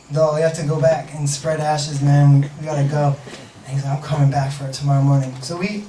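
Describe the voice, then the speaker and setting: A man's voice: on the high side, dark tone, roomy sound, distant mic, a little hiss or hum, low-quality recording. A man telling a rambling personal story on stage, restarting sentences and laughing at his own asides. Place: stage in a room.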